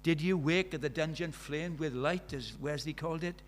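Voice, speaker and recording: Preacher, conversational, slightly high voice. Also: male voice, moderate pace, hardly any pauses, a little hiss or hum. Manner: conversational, with rhetorical questions. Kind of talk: sermon.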